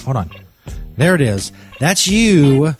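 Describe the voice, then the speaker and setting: A man's voice: a little high, sing-song, takes it slowly, faint music behind. A man hosting a comedy podcast, swearing a lot and ranting in exasperated outbursts. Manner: profane, exasperated, loud outbursts. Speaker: podcast host.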